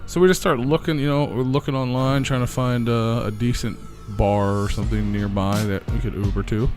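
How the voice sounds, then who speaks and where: A man's voice: mid-range voice, steady tone, a little fast, music in the background. A man hosting a podcast, telling a night-out story in a laid-back, casual way, swearing often and laughing along. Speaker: podcast host.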